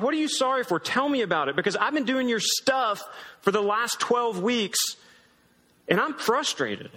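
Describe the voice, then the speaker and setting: A man's voice: high-pitched, sharp tone. A man pastor preaching a sermon in a conversational, emphatic way. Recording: long hall reverb.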